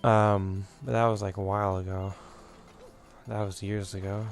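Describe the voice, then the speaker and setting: A man's voice: lowish voice, flat delivery, moderate pace, faint music behind. A young man hosting a let's play, rambling and reminiscing through his commentary with lots of fillers, a bit out of breath.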